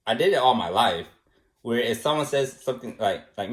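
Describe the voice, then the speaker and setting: A man's voice: mid-range voice, lively intonation, brisk. Rambling man in an echoey room. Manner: rambling, repetitive, shrugging off, soft dismissive retorts. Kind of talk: casual personal monologue. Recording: roomy echo.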